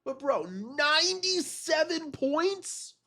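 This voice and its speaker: A man with a cold, reacting to simulated game results in an excitable, disbelieving way and swearing often. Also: very high voice, takes it slowly. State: has a cold. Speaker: gaming video creator.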